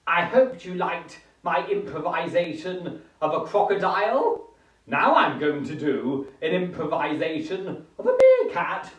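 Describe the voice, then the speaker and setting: A man's voice: a little high, animated, a little slow, a bit bright, roomy sound. A British man hosting a live stream from home, chatting playfully and hamming it up with silly voices and singsong asides. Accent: British English. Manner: hammy, singsong, drifts into silly voices and humming. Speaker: live-stream host answering viewer prompts. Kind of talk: playful, theatrical chat. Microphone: phone.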